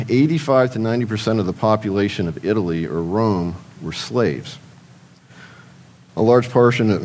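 Deep-voiced man preaching a conversational sermon. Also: a little mellow, slight background noise, low-quality recording. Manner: conversational, asks rhetorical questions and answers them; addresses the men in the audience directly.

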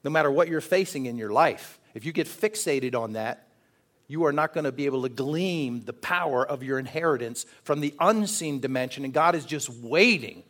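A man's voice: mid-range voice, lively intonation, normal speed, fairly bright tone. A man preaching a sermon in an earnest way, often asking the congregation questions. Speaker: pastor.

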